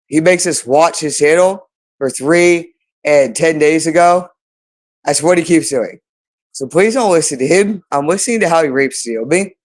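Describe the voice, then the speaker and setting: A woman's voice: sits low, darkish tone. A woman speaking in an unscripted monologue to camera, agitated and accusing, looping back to the same phrases again and again. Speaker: channel host.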